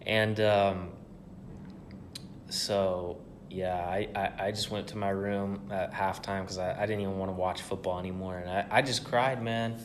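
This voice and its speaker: A young podcast co-host spins loose, meandering, profanity-filled stories in casual chat. His low voice holds a level tone at an unhurried pace, with background noise.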